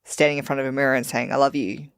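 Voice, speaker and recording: A woman's voice: a bass voice, steady tone, racing, clean tone, no echo, clean studio sound. A woman guest on a podcast, chatting candidly and laughing at herself. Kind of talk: casual podcast chat.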